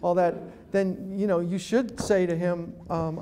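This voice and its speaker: A man's voice: high voice, little pitch movement, normal speed, hardly any pauses, warm tone. A man giving a humorous talk to a live audience as a guest speaker, telling stories and acting out phone calls.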